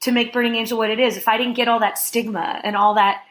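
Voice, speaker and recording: A woman in her thirties, a podcast guest, telling a long casual story in an animated way, laughing often and filling her talk with "like.". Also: on the high side, quick pace. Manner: animated, laughing, heavy use of "like".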